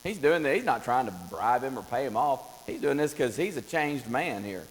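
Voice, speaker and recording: A man preaching a Bible study in a church, telling the story with lively acted-out voices. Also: mid-range voice, normal speed. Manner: animated storytelling, acts out voices of Bible figures. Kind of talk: Bible class teaching. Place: church classroom. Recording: long hall reverb with faint mains hum.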